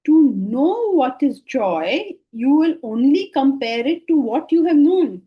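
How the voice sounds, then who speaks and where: A middle-aged Vedanta teacher gives a spiritual discourse to a class in a conversational style, acting out people's replies and laughing often. Her high-pitched voice swings widely in pitch and she takes it slowly. The class recording is dull and lo-fi.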